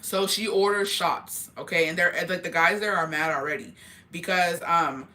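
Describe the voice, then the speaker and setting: Woman vlogger, crisp bright tone, profane and heated casual storytelling. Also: lowish voice, steady tone. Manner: profane, heated, rapid retelling.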